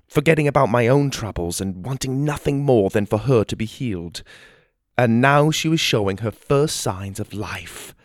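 A male narrator reads a children's fantasy story with animated, expressive delivery. His low voice has a gravelly texture. The recording is dry and close. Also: no room sound. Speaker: audiobook narrator.

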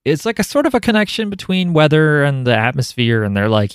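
A man's voice: on the high side, sing-song, brisk, few pauses, clean tone, dry recording, clean studio sound. A man chatting casually and recapping a show, rambling and joking with frequent laughter.

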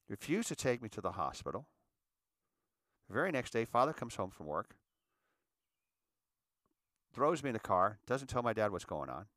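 A man in his fifties talks earnestly and haltingly to his listeners, repeating words as he searches for them. His voice sits low. The recording is dry and close, with no room sound. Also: pushed and bright, no room sound. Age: 50s. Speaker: speaker sharing his life story. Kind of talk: personal monologue addressing an audience.

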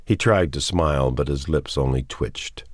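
A man narrating a novel in a slow, steady, somber reading. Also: very deep voice, no room sound. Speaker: audiobook narrator. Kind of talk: scripted narration.

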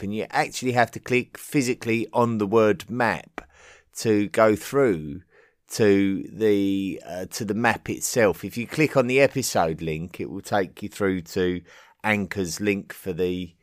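Halting English man reading listener mail. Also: fairly low pitch, no room sound, clean studio sound. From England. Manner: halting, with many ums and restarts. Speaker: podcast host. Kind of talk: casual listener-mail segment.

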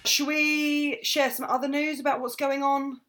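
A woman's voice: sits high, little pitch movement, normal speed, a bit bright, faint music behind. A woman from England co-hosting a podcast, teasing and bubbly in casual chat. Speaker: podcast co-host.

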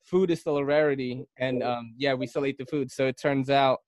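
A man's voice: medium pitch, fairly even intonation, fairly quick, a little mellow, no room sound, clean studio sound. A man from the Philippines hosting a casual knife podcast, telling stories in a rambling way with lots of fillers and restarts. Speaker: podcast host.

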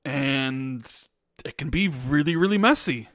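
In a studio-quality recording with no room sound, a podcast co-host in his thirties speaks in a mid-range, fairly bright voice, animated yet unhurried. His casual chat drifts into rambling stories with frequent restarts.

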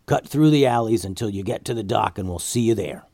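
A man voicing a calm male leader who gives plans in clipped, quick instructions. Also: lowish voice, no echo. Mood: planning.

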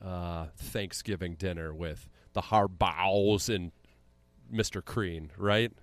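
A man's voice: low voice, slow, no echo. A tipsy man with a Central Illinois accent, hosting a casual sports chat, joking loosely as he reads off game stats. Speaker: podcast host.

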